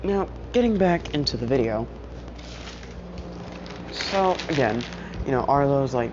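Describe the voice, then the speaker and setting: A woman's voice: rumbling low, lively intonation, a little slow, long pauses. A woman casually retelling a fan story at home, rambling with lots of filler words. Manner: rambling, filler-heavy with constant "you know". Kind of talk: casual story recap vlog. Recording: muffled lo-fi audio with household noise.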